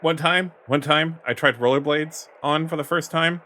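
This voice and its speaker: A man's voice: fairly high pitch, moderate pace, bright, forceful tone, rough recording. A man playing a tabletop game, chatty and given to storytelling. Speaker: player. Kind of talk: tabletop role-play.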